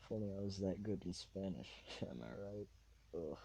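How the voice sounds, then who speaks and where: Low-voiced man rambling on a podcast. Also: animated, moderate pace, vocal fry, warm tone, a little hiss or hum, poor audio. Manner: rambling, laid-back, full of fillers. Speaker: podcast host. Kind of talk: rambling solo podcast chat. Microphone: recorded on a tablet.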